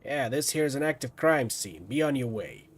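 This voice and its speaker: A man's voice: mid-range voice, expressive, normal speed, slight background noise, close to an everyday voice. Brash male street cop with a thick Brooklyn accent, barking orders, a man playing him. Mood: dismissive. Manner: gruff, shouty, dismissive.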